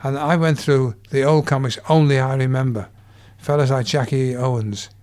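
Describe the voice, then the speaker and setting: An older man talks as a comedian guest, telling one anecdote after another. He slips in quick gags and quoted lines. His voice sits at an ordinary mid pitch. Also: steady tone, a little mellow. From England. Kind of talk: anecdotal chat.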